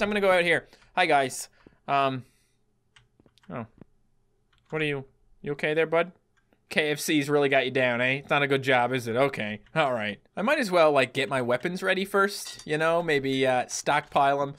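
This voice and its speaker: A man's voice: on the high side, normal speed, fairly bright tone, smooth. A man from Newfoundland doing jokey let's-play commentary, breaking into yelps and laughter as the game goes wild. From Newfoundland, Canada. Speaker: gaming YouTuber.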